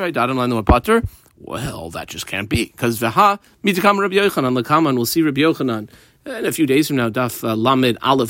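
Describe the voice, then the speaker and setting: Lively casual Talmud teacher, dry sound. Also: male voice, medium pitch, no room sound. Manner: explains text line by line, mixing Aramaic terms, casual asides. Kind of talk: daf study lesson.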